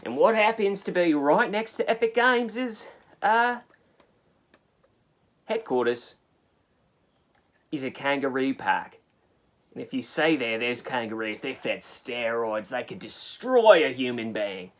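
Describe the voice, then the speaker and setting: A brash, scheming Australian park owner who rants in a gruff voice, as a man puts on the accent. He runs his mouth with cocky swagger. It is pitched as a comedy mockumentary bit. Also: expressive, a little slow, pauses often, fairly bright tone. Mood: conspiratorial. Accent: put-on Australian.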